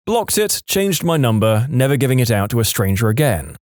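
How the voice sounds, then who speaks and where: Male narrator for read-aloud stories: mid-pitched, very expressive inflection, dramatic pauses, dry close-miked booth sound. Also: no room sound. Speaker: story narrator. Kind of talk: reading online stories aloud.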